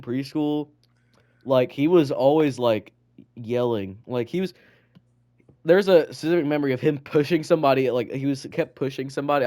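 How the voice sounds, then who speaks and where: A man's voice: mid-range voice, a little mellow, dry recording, studio quality. A young man co-hosting a podcast, rambling through school memories in casual chat, full of "like" and "bro". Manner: rambling storyteller, loads of "like" and "bro". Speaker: podcast co-host.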